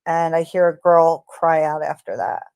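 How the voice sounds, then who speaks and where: A woman hosting a true crime channel, talking casually in an unhurried, hesitant way with frequent ums. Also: deep voice, gravelly, darkish tone, clear, resonant tone, no room sound. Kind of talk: casual spoken commentary.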